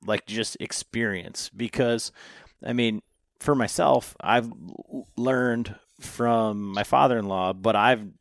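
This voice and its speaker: Man, low pitch, podcast co-host, hesitant, rambling, dry close mic. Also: takes it slowly, creaky, no echo. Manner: rambling, hesitant questions with fillers. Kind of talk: casual podcast interview.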